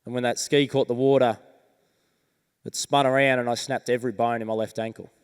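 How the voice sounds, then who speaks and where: An Australian man giving a keynote talk on stage, his voice smooth and resonant as he tells his story slowly and earnestly, with deliberate pauses. The sound rings out with a long reverb from a large event hall. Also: mid-range voice, little pitch movement. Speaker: motivational speaker. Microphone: stage microphone.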